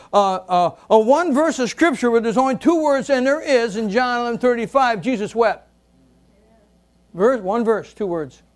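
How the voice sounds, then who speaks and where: A man preaching a sermon, asking the congregation questions and moving between loud exclamations and quiet asides. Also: very high voice. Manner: asks the congregation rhetorical questions.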